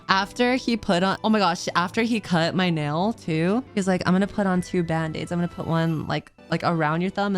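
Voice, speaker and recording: Woman, streamer, casual rambling chat, lots of giggles, slightly low voice. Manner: rambling, giggly, heavy use of "like".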